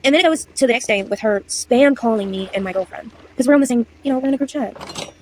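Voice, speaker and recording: A woman's voice: on the high side, fast, a little mellow, low-quality recording. Rambling young woman telling a storytime. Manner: rambling, apologetic, loses her place. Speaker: vlogger. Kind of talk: casual storytime. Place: indoors at home.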